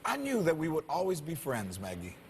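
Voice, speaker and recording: High, lively male host, gushing and jokey, noisy studio. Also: a little fast. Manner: effusive, animated, laughing. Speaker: talk show host. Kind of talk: talk show chat.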